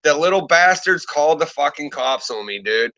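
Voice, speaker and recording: A man's voice: fairly high pitch, moderate pace, rough recording. A man in his thirties casually telling profane stories in a live chat, acting out the people in them. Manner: profane, animated storyteller with lively quoted voices.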